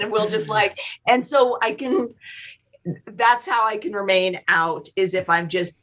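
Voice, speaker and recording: A woman's voice: mid-range voice, normal speed, fairly bright tone, poor audio. A woman guest in a casual podcast conversation, talking candidly and swearing freely about herself.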